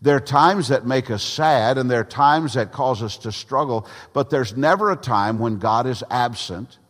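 An older man from Tennessee, preaching a sermon with emphatic pauses and folksy stories. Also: medium pitch. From Tennessee, USA. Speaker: pastor. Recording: long hall reverb.

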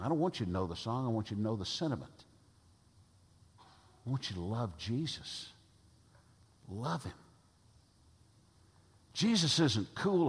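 A man's voice: medium pitch, big pitch swings, normal speed, long pauses, husky. A man preaching a sermon as pastor, emphatic and repeating phrases for effect. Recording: long reverb of a large hall.

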